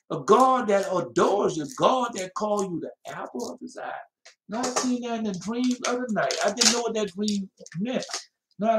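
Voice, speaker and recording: A man preaching a fiery Bible-study sermon, swinging between loud emphatic bursts and soft mocking asides, and reading scripture slowly. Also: sits high, roomy sound. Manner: slow, drawn-out scripture reading.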